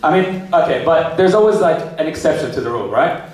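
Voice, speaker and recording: A man performing a stand-up comedy set, animated and slipping into exaggerated character voices for his jokes. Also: fairly high pitch, fast talker. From New Zealand. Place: comedy club stage with a laughing audience. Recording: echoey club recording from far off.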